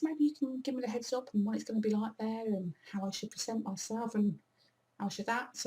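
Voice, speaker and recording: Woman, 40s, slightly high voice; rambling, self-mocking vlogger chat. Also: fairly quick, a little mellow. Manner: chatty, rambling, self-deprecating. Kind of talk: casual monthly favourites chat.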